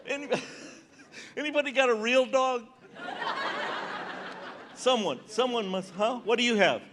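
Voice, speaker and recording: A man's voice: extremely high pitch, moderate pace, a bit bright. A man in his seventies performing stand-up comedy on a conference stage, bantering and teasing the audience. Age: 70s. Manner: conversational, teasing audience members. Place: large conference hall stage.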